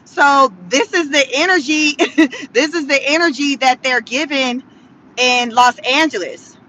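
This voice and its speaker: A woman with a high, bright voice talks straight to her viewers from inside a car. Her commentary is sassy and animated, and she laughs often between points. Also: measured pace, slight background noise. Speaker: vlogger commenting on the news. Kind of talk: casual commentary vlog.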